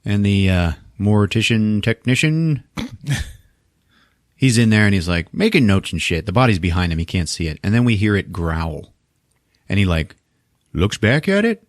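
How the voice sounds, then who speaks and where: A man's voice: on the low side, big pitch swings, unhurried, no room sound. A man hosting a podcast who retells a film in a casual, profane, laughing way, on a close studio mic. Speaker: podcast host.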